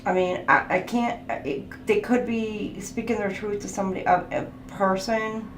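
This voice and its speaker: A woman reads tarot cards in a relaxed, chatty way, laughing frequently and calling out each card's keywords. Her medium-pitched voice stays steady at a moderate pace. The audio has a roomy feel and faint background noise.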